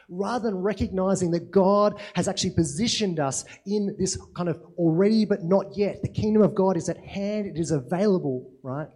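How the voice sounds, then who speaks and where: Mellow-voiced conversational male preacher. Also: sits high, breathy edge. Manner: conversational, rhetorical questions, frequent "right?". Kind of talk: sermon.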